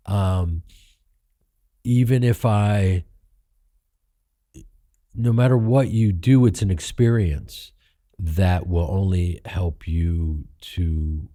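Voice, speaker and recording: Low, dark-voiced man telling stories. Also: drawn-out words, long pauses, dry recording, clean studio sound. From Chicago, United States. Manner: animated, profane, acts out quoted people in raised voices. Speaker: guest actor and comedian. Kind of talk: candid interview storytelling.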